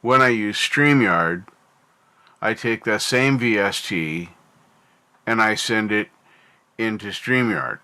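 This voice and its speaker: A man's voice: fairly low pitch, takes it slowly, pauses often, sharp tone, smooth. A North American man hosting a livestream, rambling casually and thinking aloud while he answers his chat. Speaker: livestream host.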